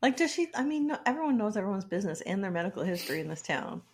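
A woman co-hosting a podcast in casual chat, with a husky voice and a dry, blunt, sarcastic manner. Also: medium pitch, very animated, very fast. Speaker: podcast co-host.

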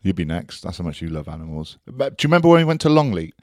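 A man's voice: deep voice, sing-song, very fast, darkish tone, no echo, studio quality. A man co-hosting a podcast, chatting in a laid-back, teasing way. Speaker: podcast co-host. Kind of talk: casual chat.

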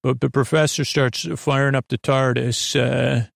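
Creaky-voiced man rambling a sleepy recap. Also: mid-range voice, unhurried, no room sound, clean studio sound. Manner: drowsy, meandering, deadpan with many fillers. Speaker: podcast host.

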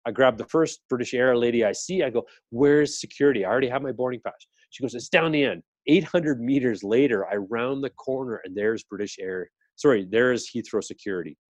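A man's voice: mid-range voice, fairly quick, few pauses, dry recording, highs cut off. A middle-aged man in casual chat, telling a story and acting out the voices of people in it. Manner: animated storyteller acting out quotes.

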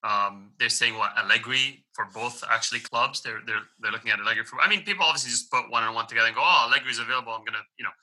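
A man's voice: mid-range voice, fast talker, hardly any pauses, sharp tone, poor audio. A man co-hosting a football podcast, chatting casually with slang and an easy manner. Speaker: podcast co-host.

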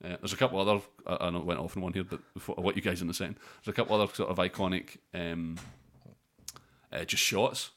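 A man's voice: low-pitched, fairly even intonation, quick pace, a bit bright. A man co-hosting a casual film podcast, rambling with many fillers. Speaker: podcast co-host. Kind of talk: casual chat about films.

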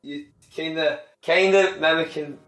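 A man's voice: on the high side, steady tone, measured pace, fairly bright tone. Man in an echoey room. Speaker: podcast co-host.

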